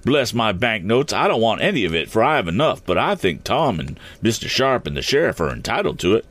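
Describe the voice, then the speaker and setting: A man voicing a blustering, eccentric older gentleman with bluff exclamations, in a storybook reading. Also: on the low side, big pitch swings, a little fast, dry recording, voice pushed up. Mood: indignant.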